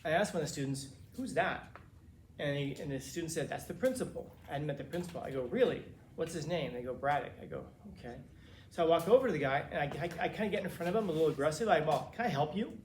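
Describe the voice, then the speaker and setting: A man who teaches, from Los Angeles, telling his students a long story in a casual, animated way, quoting the people in it. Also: fairly high pitch, quick pace, roomy sound, slight background noise. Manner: casual, animated retelling with quoted dialogue. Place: classroom.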